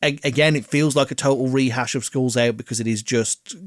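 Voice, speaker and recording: A man, co-hosting a casual album review podcast, animated, swearing freely and laughing often. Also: mid-range voice, moderate pace, few pauses, no room sound, studio quality. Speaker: podcast co-host.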